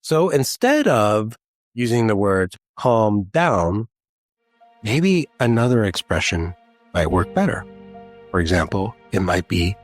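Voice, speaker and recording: A man hosting a podcast, talking in a calm, measured, gentle way in a scripted solo talk. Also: fairly low pitch, faint music behind. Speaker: podcast host, therapist.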